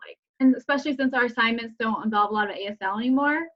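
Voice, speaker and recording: A woman in a casual chat on a video call, encouraging and quick to agree. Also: fairly high pitch. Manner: encouraging, frequent agreeing backchannels. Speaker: sign language student. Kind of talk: casual peer feedback chat. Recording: dull lo-fi video call audio.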